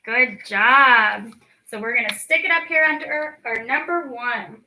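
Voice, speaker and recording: A young woman teaching a children's lesson, slow and encouraging as she speaks to young kids. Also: fairly high pitch, pushed and bright, slight background noise, low-quality recording. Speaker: speech clinic storytime teacher.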